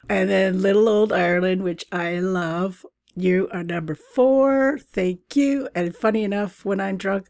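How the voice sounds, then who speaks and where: A woman's voice: medium pitch, vocal fry, a little mellow, no echo, studio quality. A middle-aged woman from Canada hosting a travel podcast, chatting casually in a bubbly way and laughing often. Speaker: podcast host.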